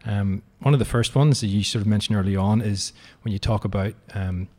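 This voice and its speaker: A man's voice: fairly low pitch, fairly quick, mellow. A man interviewing an author, asking long, curious questions that lead into each topic.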